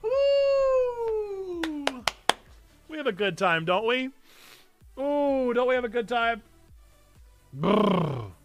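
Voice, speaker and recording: A young man hosting a live game stream, chatting casually and excitably with frequent giggles. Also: extremely high pitch, slow pace, lo-fi sound, soft background music.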